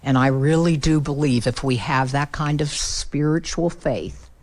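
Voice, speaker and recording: A woman's voice: a little slow, darkish tone. Middle-aged woman guest speaker, heartfelt storyteller, earnest delivery. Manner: earnest, builds emotion, drops low for sad moments.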